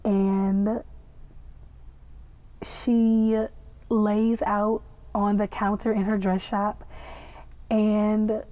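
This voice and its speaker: A woman's voice: mid-range voice, level tone, extremely slow, pauses often, dark tone, no room sound. A woman hosting a podcast, recapping and reacting to a TV episode in a gushing, chatty way with playful asides. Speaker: podcast host reviewing a TV episode. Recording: tinny phone-like sound, dry.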